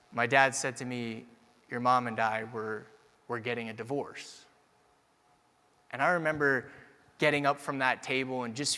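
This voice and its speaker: A young man giving a motivational keynote speech, moving from personal storytelling to energetic calls to the audience. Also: medium pitch. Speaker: keynote speaker. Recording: long hall reverb.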